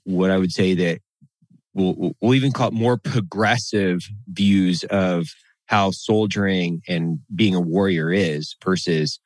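A man's voice: low voice, unhurried, no room sound. Blunt, profane man in casual chat. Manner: blunt, profane, animated when ranting.

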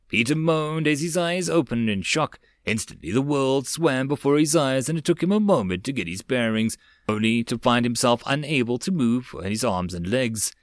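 A man's voice: medium pitch, moderate pace, hardly any pauses, dry recording. Man narrating an audiobook, dry sound. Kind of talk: web novel audiobook reading.

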